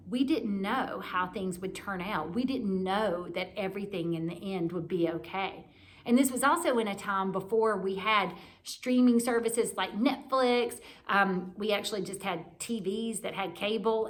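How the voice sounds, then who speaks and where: A woman in her forties giving a candid, reflective devotional talk for a church, gently encouraging her listeners. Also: mid-range voice. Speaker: church speaker.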